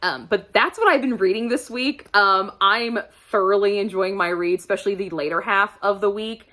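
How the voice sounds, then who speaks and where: A woman's voice: mid-range voice, moderate pace, pushed and bright. A woman reviewing books in a casual vlog, chatty and gushing, laughing often as she talks. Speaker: book reviewer.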